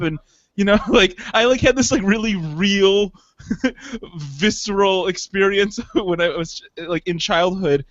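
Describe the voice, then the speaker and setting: A man's voice: high voice, unhurried, a bit bright, no room sound, highs cut off. A young man from the Detroit suburbs, co-hosting a podcast in casual chat, rambling and joking with laughs between phrases. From Detroit suburbs, Michigan. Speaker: podcast co-host.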